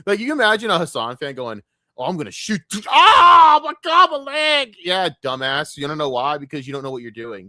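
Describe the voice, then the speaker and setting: A man's voice: fairly low pitch, a bit bright, no room sound, studio quality. A man streaming live, talking casually and ranting in a profane, combative, mocking way.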